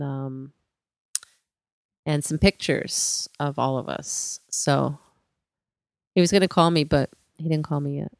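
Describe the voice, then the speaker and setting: A woman with a low voice and vocal fry co-hosts a podcast, rambling chattily with lots of fillers in casual conversation. Her tone is clean, and the recording is dry and studio quality.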